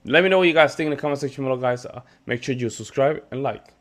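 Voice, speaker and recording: A man's voice: mid-range voice, fast, a bit bright. A man hosting a reaction video, giving casual commentary in an easygoing, agreeable way and speaking directly to his viewers.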